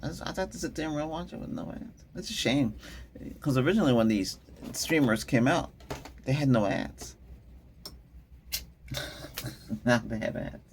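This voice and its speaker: A man's voice: medium pitch, a little slow, pauses often, slight background noise. A middle-aged man hosting a tech channel, chatting casually and rambling, often laughing and trailing off mid-thought. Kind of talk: casual rambling vlog chat.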